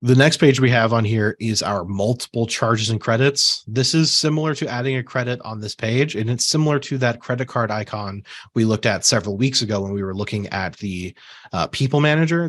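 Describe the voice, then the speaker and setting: Man walking through software on screen. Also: lowish voice, dry recording. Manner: relaxed, conversational, with fillers and asides. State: has the hiccups. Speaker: software trainer. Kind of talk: screen-share software tutorial.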